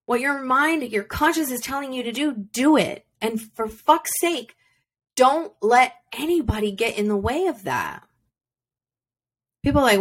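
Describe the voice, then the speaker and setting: Recording at home on simple gear and without a soundproof room, a podcast host gives an unfiltered, profane, energetic motivational speech. She speaks in a high, sing-song voice at an unhurried pace.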